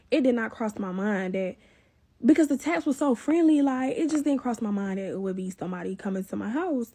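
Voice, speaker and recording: Talking straight to her viewers in a casual vlog, a young woman tells a personal story with animated, profane energy. Her husky voice sits on the high side, and she talks fast.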